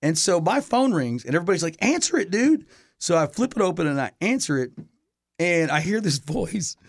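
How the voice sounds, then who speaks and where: A man's voice: fairly high pitch, very animated, fairly quick, no room sound, clean studio sound. Rambling middle-aged man telling a story. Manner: rambling, filler-heavy, with restarts and a casual curse. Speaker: touring musician guest. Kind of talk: casual storytelling.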